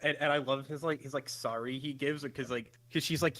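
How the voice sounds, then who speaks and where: A man's voice: medium pitch, steady tone, fairly quick, bright, forceful tone. A man co-hosting a podcast, talking in an eager, stumbling way. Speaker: podcast co-host. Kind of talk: casual chat.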